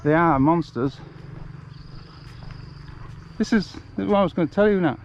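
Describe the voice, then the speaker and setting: An Englishman chats as he walks down a country road, rambling through stories and laughing often. His voice sits fairly high. The outdoor recording comes from a handheld camera and sounds a little dull and lo-fi. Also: a little slow, slight background noise. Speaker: vlogger on a charity walk. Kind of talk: casual chat while walking.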